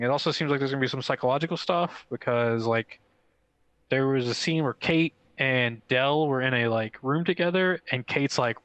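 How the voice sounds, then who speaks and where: Podcast co-host, male, excitable and rambly, close dry mic, no room sound. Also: mid-range voice, no echo, poor audio. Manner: excitable, rambling with many "like" fillers. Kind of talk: casual chat.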